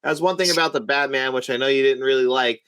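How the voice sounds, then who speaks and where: A man's voice: mid-range voice, quick pace, fairly bright tone, clean tone, no echo. A man co-hosting a film podcast in casual chat, amused and chiming in with short remarks and laughter. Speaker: podcast co-host.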